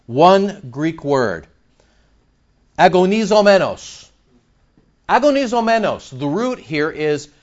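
A male pastor preaching in a church. He is animated, with sudden loud outbursts and mock back-and-forth dialogue. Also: on the high side, dull audio. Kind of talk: sermon.

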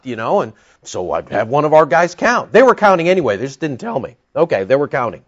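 A male pastor preaches in a rambling, storytelling way, full of asides. His voice is fairly high for a man and swings widely in pitch. The recording has a muffled, lo-fi sound. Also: sing-song, moderate pace. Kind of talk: sermon. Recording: dull lo-fi recording.

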